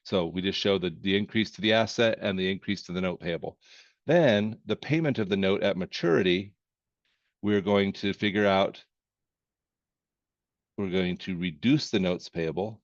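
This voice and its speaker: Low-voiced, joking accounting instructor. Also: male voice, moderate pace, no room sound. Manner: folksy and joking, with verbal asides. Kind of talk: casual lecture walking through problems. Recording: dry, slightly dull screen-recorded voice.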